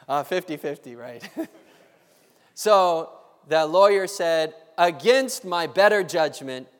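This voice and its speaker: A man preaching a sermon, telling a story and acting out the voices of its people. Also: high voice. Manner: animated, acts out voices in the story. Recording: long hall reverb.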